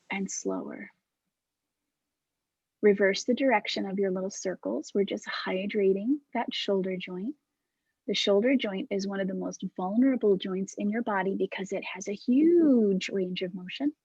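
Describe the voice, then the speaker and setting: Soft-spoken woman leading a class. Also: medium pitch, a little slow, no room sound, highs cut off. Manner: calm, soft-spoken cueing with breathy demonstrations. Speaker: movement class instructor. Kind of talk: guided exercise class over video call. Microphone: video call.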